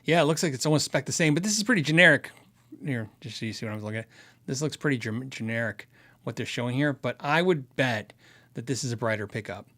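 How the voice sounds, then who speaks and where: A man's voice: mid-range voice, lively intonation, fast, pushed and bright. A man hosting a casual livestream, answering viewer questions about gear in a chatty, rambling way. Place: Arizona.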